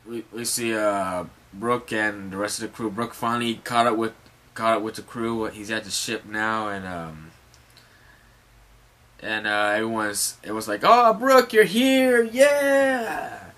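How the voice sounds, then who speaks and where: A man's voice: lowish voice, steady tone, a little slow, bright, forceful tone. A man retelling a manga chapter in a rambling, profane, casual way, full of fillers and restarts. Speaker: manga recap vlogger. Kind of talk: casual comic recap.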